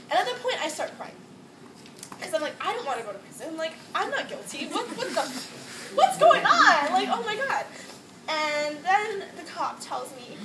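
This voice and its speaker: A young woman from Hawaii recounts a personal ordeal in loose, emotional speech, peppered with "like" and nervous laughs. Her voice sits high, and it reaches the mic from some distance in a roomy, echoing space with steady noise underneath. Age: young adult. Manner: casual, emotional storytelling with frequent "like" and nervous laughs. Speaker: student speaker. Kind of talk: personal testimony to a crowd. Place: echoey indoor campus space. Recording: distant mic in an echoey room with background noise.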